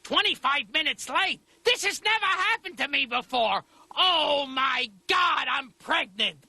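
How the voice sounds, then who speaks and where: A shrill, yelling cartoon comic. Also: male voice, lively intonation, a little slow, creaky, no echo, exaggerated voice. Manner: yelling, strained delivery. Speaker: therapy patient, comedian. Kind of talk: stand-up monologue in a cartoon.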